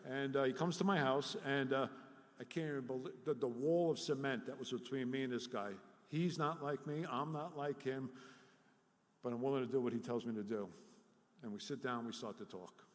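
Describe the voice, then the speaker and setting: A middle-aged man from City, telling animated, self-deprecating stories as a speaker at a recovery workshop. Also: mid-range voice, normal speed. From Jersey City, New Jersey. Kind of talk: live storytelling talk. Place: workshop hall before an audience. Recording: echoey hall with long reverb.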